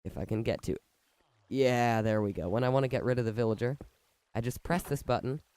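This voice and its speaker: A man who is sick with a fever and sore when he talks, rambling excitedly as he explains a build in a gameplay commentary. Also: medium pitch, fairly quick, clean tone. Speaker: video game commentator. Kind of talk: let's-play gameplay commentary.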